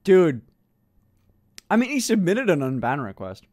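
A man streaming casually to his chat, swearing freely, laughing often and breaking into loud excited outbursts. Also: a little high, unhurried. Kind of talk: casual live-stream reaction.

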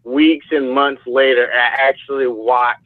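A man calling in to a talk show, speaking in a hesitant, halting way with lots of fillers. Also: mid-range voice, steady tone, no room sound. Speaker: caller. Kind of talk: casual chat. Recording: tinny phone line.

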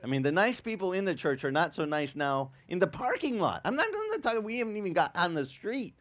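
Male pastor, sermon, animated swooping voice, slightly high, stammering restarts, acted-out quotes. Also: fast talker. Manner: lively storytelling, acts out quotes, stammering restarts. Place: church.

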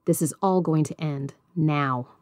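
Woman doing pompous stern dad, mellow low-ish voice. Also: unhurried, no echo, clean studio sound. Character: stern self-important father.

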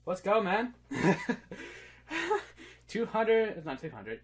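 A man's voice: high-pitched, sing-song, takes it slowly, breathy edge. A young man casually commentating a game on a livestream, swearing freely and calling his viewers dude and guys. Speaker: streamer. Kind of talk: excited gaming livestream commentary.

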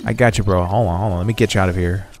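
A young man giving casual, excitable gameplay commentary as a streamer, chatty and slangy, reading game text aloud. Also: low-pitched, rapid-fire, soft background music. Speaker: gaming streamer.

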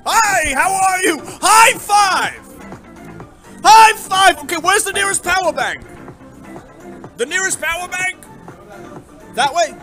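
A man putting on the voice of an earnest questing hero who speaks in stiff, old-fashioned phrases and shouts in a high pitch, recorded on a phone on a city street. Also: expressive, slow, long pauses, soft background music, heavily acted. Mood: boisterous. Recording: loud street noise outdoors.

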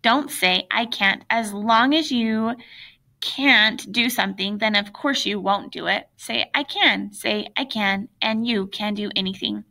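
A woman's voice: medium pitch, a little slow, creaky, pushed and bright. A woman voicing a kind school counselor in a children's audiobook, firm and encouraging. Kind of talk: audiobook read-aloud of a children's novel.

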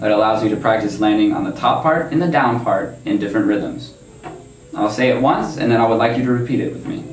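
Mężczyzna, nauczyciel muzyki, cierpliwie tłumaczy ćwiczenie; nagranie z pewnej odległości, w pogłosowym pomieszczeniu. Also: male voice, fairly low pitch, a little fast. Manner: patient, explanatory, sings syllables in rhythm. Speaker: music teacher. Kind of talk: instructional demonstration. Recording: roomy echo, mic at a distance, violin playing.

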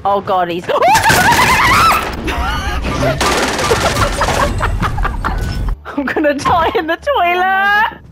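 A woman chats her way through a shooter match, shrieking, laughing and cursing as things go wrong. Her voice sits very high and swings wildly in pitch, though she talks slowly. Loud game music plays under everything. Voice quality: excitable, shrieks and laughs often, swears. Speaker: gamer streamer. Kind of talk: casual gameplay chat.

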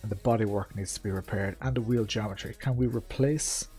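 A man's voice: on the low side, fairly even intonation, brisk, dark tone, faint music behind. A man streaming a rally sim, chatting to his viewers in a loose, rambling way. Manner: chatty, rambling, full of fillers and asides to chat. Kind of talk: live-stream gameplay commentary.

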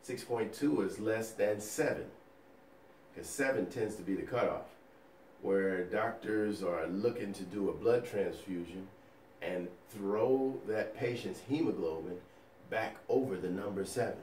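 A male nursing educator teaching a recorded lecture over slides, energetic and folksy, firing rhetorical questions at the listener. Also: lowish voice, roomy sound, recorded from a distance, slight background noise. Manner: folksy and playful.

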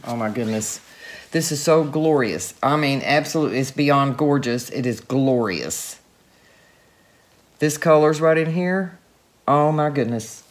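A woman with a bass voice speaks a little slowly. A craft artist showing off her paint pour, she chats casually to her camera as she works, gushing and exclaiming with delight. The audio comes from the camera mic, and the camera is sometimes moved by hand.

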